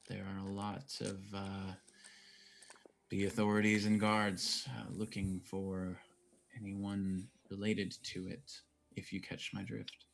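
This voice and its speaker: A laid-back ship captain with a fairly low voice, played by a man running a tabletop game. He talks in a low, confiding, unhurried way. He sounds like someone who likes things just as they are. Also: a bit bright, slight background noise, lightly acted.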